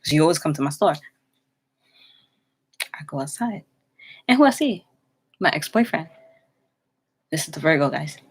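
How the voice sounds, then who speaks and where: A woman's voice: deep voice, lively intonation, normal speed, pauses often, slightly rough. A young woman casually telling a personal story, rambling with many fillers and restarts. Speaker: vlogger.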